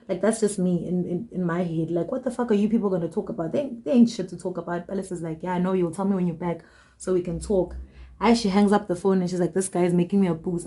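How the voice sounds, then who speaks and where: A young woman tells a storytime tale in a loose, slangy way. Her voice sits a little low, and she jumps into the voices of the people she quotes with plenty of energy. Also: a little mellow. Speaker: storytime vlogger. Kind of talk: casual storytelling.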